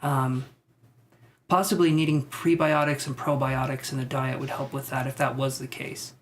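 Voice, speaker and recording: A man giving psychic tarot readings on a live stream. He talks in a tentative, musing way, thinks out loud with many fillers, and reassures his viewers. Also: mid-range voice, level tone, normal speed, a little hiss or hum. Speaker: tarot reader.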